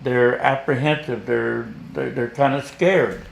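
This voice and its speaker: A man from Kentucky answers a parish interview at an unhurried pace. He restarts his sentences and repeats words as he goes. The room around him is echoey. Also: medium pitch, fairly even intonation, vocal fry. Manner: slow, halting, repeats words. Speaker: parishioner and guest.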